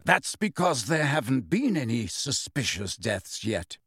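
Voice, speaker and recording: A man voicing a grave, knowing adult godfather who explains things in a low voice. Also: big pitch swings, measured pace, fairly bright tone, slightly rough, no echo, studio quality, heavily acted. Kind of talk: audiobook character voice.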